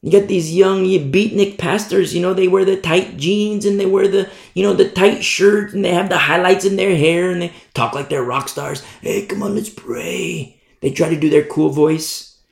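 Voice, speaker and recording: An emphatic preacher man delivering a sermon, indignant and insistent. His voice sits on the high side and has a gravelly rasp. It echoes around the room it was recorded in. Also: steady tone, normal speed. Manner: emphatic, indignant, repeats "you see?".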